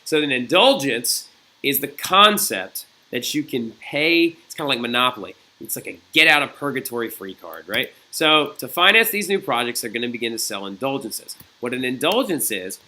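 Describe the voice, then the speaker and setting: A man's voice: medium pitch, big pitch swings, normal speed, bright, forceful tone. A man teaching a recorded history lesson in a chatty, digressive way, often checking in with "right?" and "okay?". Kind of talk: recorded classroom lecture.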